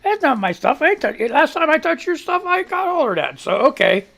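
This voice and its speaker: Gravelly, congested man rambling on air. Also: very high-pitched, big pitch swings, a little fast, fairly bright tone. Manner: rambling, profane, laid-back. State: congested and wheezing with a cough. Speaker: radio show host. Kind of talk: casual live radio talk.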